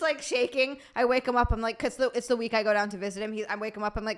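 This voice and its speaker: A woman's voice: high voice, fairly even intonation, fast talker, few pauses, fairly bright tone. A woman streamer chatting casually with her live chat, bubbly and rambling, reading messages aloud.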